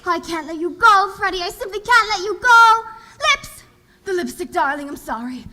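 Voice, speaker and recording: A woman's voice: very high voice, lively intonation, moderate pace, sharp tone, full character voice. A woman playing a vain, flighty young fiancée in a school stage musical, dramatic and affected. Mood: gushing farewell. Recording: long hall reverb with faint music.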